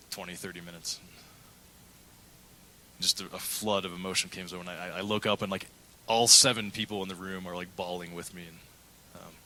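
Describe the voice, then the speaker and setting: A man's voice: low-pitched, bright, forceful tone, rough recording. A middle-aged male pastor preaching a sermon, telling a candid personal story and acting out the quotes. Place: church.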